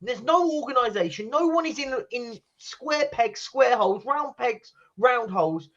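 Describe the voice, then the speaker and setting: A man's voice: very high voice, animated, unhurried, fairly bright tone. A man co-hosting a live football stream, arguing emphatically and swearing in exasperation. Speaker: watchalong co-host. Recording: dull lo-fi stream audio.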